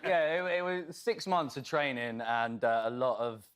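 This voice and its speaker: A man who is an actor, a guest on a talk show, telling an animated story and laughing often. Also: medium pitch, moderate pace, heavy background noise.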